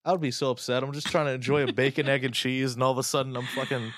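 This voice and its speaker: An American man co-hosting a casual chat, brash and profane, ranting with animated energy. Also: medium pitch, rapid-fire, no echo, studio quality. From United States.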